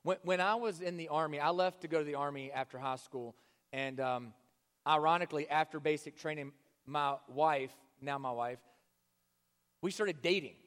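In a large hall where a long reverb follows every word, a male pastor with a fairly high voice preaches passionately at normal speed. He alternates between loud, pressing appeals and soft, almost whispered lines.

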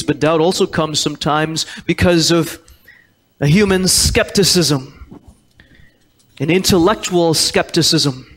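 Pastor guy preaching in church, kinda high voice, hammers on repeated words. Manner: quotes scripture in King James wording. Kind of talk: sermon. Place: church sanctuary.

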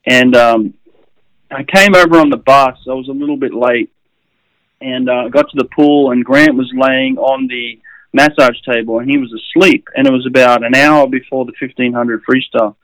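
A man's voice: mid-range voice, animated, normal speed, vocal fry, a bit bright, dry recording, poor audio. A middle-aged Australian man, a swimming coach, telling stories casually with many fillers and chuckles. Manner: rambling, with frequent fillers and chuckles. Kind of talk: casual storytelling.

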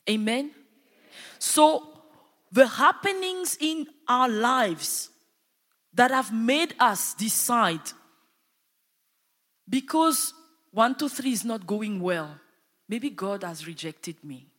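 A woman's voice: on the high side, animated, slow, pauses often, fairly bright tone. A woman preaching a sermon with impassioned emphasis that swells and drops, calling out to her congregation. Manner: impassioned, rising and falling emphasis with call-and-response. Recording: hall with long reverb.

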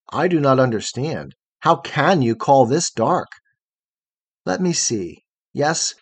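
A man reading the lines of a gentle, innocent young girl of the night in a storybook, speaking with tender wonder in a husky voice. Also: fairly high pitch, no echo, exaggerated voice. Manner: wondering, tender, softly earnest.

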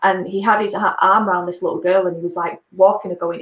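A woman's voice: fairly low pitch, fairly even intonation, quick pace, a bit bright, roomy sound, poor audio. A woman chatting casually, rambling and stacking up fillers as she tells a story. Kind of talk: casual chat.

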